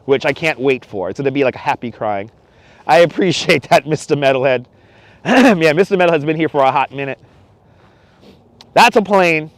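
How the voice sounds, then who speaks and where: Slightly high and smooth, this man's voice carries no echo as he hosts a casual live stream on a cold beach sand dune at night. A chatty New man streaming outdoors, he laughs a lot and reads chat out loud, picked up by a wireless clip-on mic.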